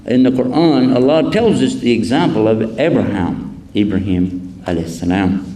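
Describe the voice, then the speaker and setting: Gravelly man lecturing with deadpan humor. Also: medium pitch, rough recording. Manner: storytelling, deadpan joking, slow repetition of key phrases. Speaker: Islamic preacher. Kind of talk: public lecture. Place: university lecture hall.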